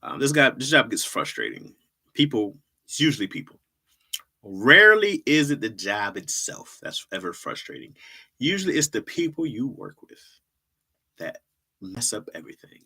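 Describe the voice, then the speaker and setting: A middle-aged man hosts a loose livestream chat, rambling through his thoughts and circling back to the same lines. His voice is bright and sharp, with a lively pitch that bounces around as he talks. He laughs easily and answers chat comments as they come in. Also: moderate pace, creaky, husky. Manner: rambling, repeats himself, laughs often, reacts to chat. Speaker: livestream host. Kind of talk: casual stand-up style chat.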